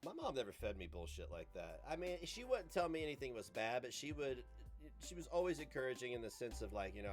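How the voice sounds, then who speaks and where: A man streaming, giving casual reaction commentary in a loose, animated way and swearing freely. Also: mid-range voice, fairly quick, faint music behind.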